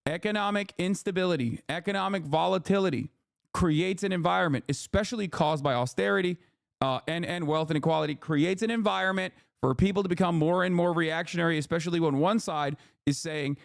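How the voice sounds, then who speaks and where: A man's voice: high voice, fairly quick, vocal fry, dry recording, clean studio sound. Ranting, profane male streamer. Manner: repeats words and says "okay?" often. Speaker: live streamer. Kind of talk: heated political commentary stream.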